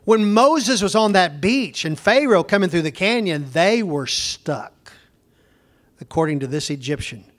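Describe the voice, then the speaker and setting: In an unhurried, high-sitting voice, a male home missionary gives a Bible lesson. He livens it up with an anecdote, playing both people in the conversation.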